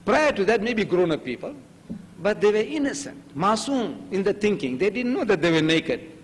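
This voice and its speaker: A man's voice: high-pitched, normal speed, in a large hall, rough recording. An older man whose first language is Gujarati, giving a religious lecture and acting out the dialogue of the stories he tells. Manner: animated storytelling, acting out dialogue.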